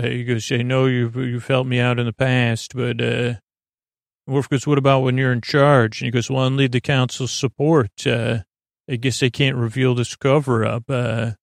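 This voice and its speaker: A man hosting a podcast, giving a sleepy bedtime recap of a TV episode in a rambling, halting way with lots of fillers. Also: medium pitch, vocal fry, no echo, studio quality. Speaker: podcast host.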